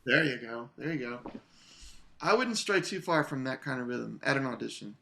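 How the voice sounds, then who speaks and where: A man coaching an English horn player in a masterclass, relaxed, singing phrases to show the rhythm. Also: mid-range voice, moderate pace, gravelly, soft background music. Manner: relaxed, sings phrases to demonstrate. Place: online video masterclass.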